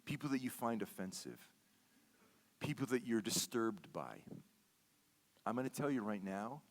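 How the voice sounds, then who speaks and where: A man's voice: on the low side, animated, normal speed, pauses often. A man giving a sermon as a guest speaker, telling a personal story in a conversational way, repeating words and often checking in with "okay?". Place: church sanctuary.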